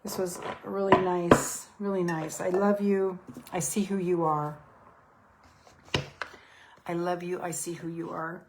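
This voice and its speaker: A middle-aged woman hosting a live spiritual session, guiding listeners through slow, prayerful affirmations. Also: fairly low pitch, flat delivery, very noisy. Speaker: host and self-love coach. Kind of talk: guided spiritual meditation on a live stream.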